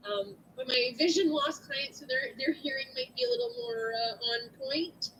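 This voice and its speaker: A woman teacher with a big, loud voice talks through an online lesson into her computer. Her pitch sits a bit high and swings widely as she explains, checking in with "right?" again and again. A faint hiss lies under the recording. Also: normal speed, poor audio. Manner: chatty, animated, asks "right?" often. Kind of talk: online lecture to students. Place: at home at a computer. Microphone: computer mic.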